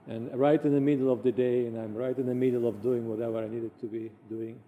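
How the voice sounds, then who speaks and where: A man recounting personal anecdotes in an animated way, acting out the voices of the people he quotes. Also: mid-range voice, fast, narrow, tinny audio, slight background noise.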